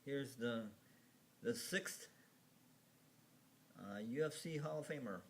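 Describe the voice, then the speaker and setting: A man talks slowly over a slideshow in a loose, rambling way. He hesitates, restarts his sentences and chuckles at his own remarks. A faint hum of ambience sits behind his voice. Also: mid-range voice. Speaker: video narrator. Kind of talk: casual slideshow commentary.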